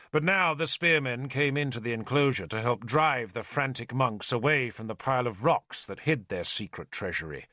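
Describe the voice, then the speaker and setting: Man narrating an audiobook, lively and bright. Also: mid-range voice, no echo, studio quality. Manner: expressive storytelling.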